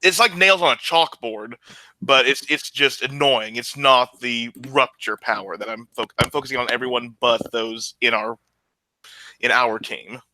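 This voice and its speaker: A man plays in a tabletop game, tossing in quick joking asides. His voice is very bright and forceful, recorded close and completely dry. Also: medium pitch, no room sound, poor audio. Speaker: player. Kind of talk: tabletop role-play.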